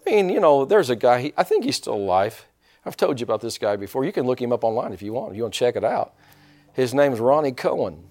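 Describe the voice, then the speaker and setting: A man's voice: medium pitch, sing-song, fast talker, darkish tone, faint music behind. A male pastor preaching a sermon, asking the congregation questions and drawing responses. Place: church sanctuary.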